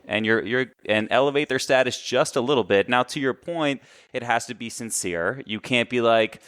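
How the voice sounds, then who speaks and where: A man as a podcast guest and coach, talking in casual, animated conversation and telling stories, often correcting himself. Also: medium pitch, brisk, no room sound, studio quality. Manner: animated storyteller, chatty, self-correcting.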